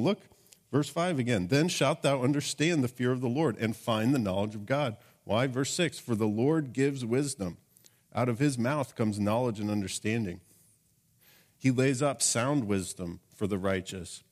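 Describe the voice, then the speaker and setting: A man's voice: mid-range voice, darkish tone. A man preaching a sermon, reading scripture and asking his listeners rhetorical questions in an earnest way. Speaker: pastor.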